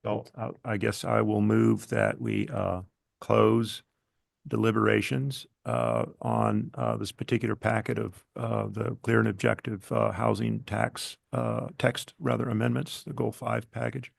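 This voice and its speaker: A man with a deep, heavily gravelly voice puts a motion forward, hesitating over nearly every phrase. The sound is dry and close. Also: dry recording. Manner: halting, full of "uh"s. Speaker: commissioner. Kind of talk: making a motion.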